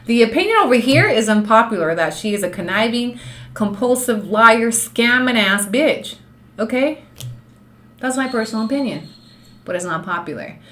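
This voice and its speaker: A woman's voice: fairly high pitch, sing-song, fairly quick. Blunt, profane woman ranting live. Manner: blunt and profane, talks straight to chat; slips into Spanish phrases. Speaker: livestream host and law student. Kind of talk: unscripted live-stream rant.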